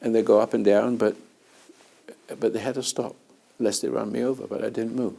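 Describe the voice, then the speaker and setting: A man with a gravelly, dark, mellow voice tells long, rambling anecdotes in conversation. He chuckles now and then as he goes. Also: lowish voice, level tone, brisk. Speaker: host and spiritual teacher. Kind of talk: storytelling in conversation.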